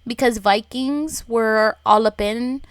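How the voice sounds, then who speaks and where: Giggly American woman, higher voice. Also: takes it slowly, no echo. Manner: playful, giggly, jokey. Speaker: podcast co-host. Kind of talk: casual chat.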